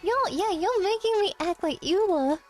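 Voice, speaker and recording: A woman's voice: very high-pitched, animated, moderate pace, darkish tone, soft background music. A young adult woman VTuber chatting casually with her stream, with a childlike voice, giggling often and teasing back at chat.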